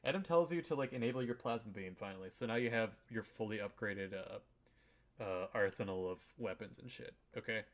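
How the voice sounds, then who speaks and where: A man's voice: on the low side, a little fast. A man hosting a podcast, casually recapping a game's story in a rambling, irreverent way, with lots of swearing and filler words. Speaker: podcast host. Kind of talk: casual chat recapping a video game.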